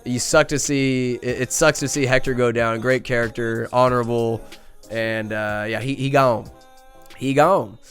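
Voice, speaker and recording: A man's voice: medium pitch, little pitch movement, normal speed, a bit bright, faint music behind. A man hosting a podcast, recapping a movie in a casual comic way, crude and joking, rambling with lots of fillers. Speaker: podcast host.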